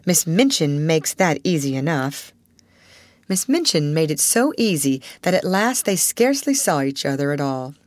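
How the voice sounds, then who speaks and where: Lively woman narrating a classic novel. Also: low voice, no echo. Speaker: audiobook narrator.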